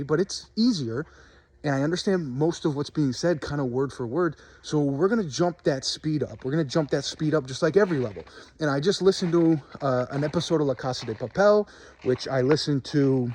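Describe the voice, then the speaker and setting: A man's voice: on the high side, darkish tone, breathy edge, no echo. Rambling casual man vlogging outdoors. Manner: rambling and candid, lots of fillers and restarts. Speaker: vlogger documenting language learning. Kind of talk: casual talking-to-camera vlog. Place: outdoors in the cold.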